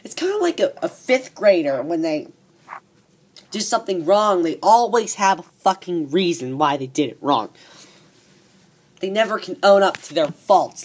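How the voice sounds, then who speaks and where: A man ranting profanely as a wrestling show reviewer, excitable and repeating himself. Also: high voice, moderate pace, husky. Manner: excitable, swearing, repeats words. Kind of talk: profane rant.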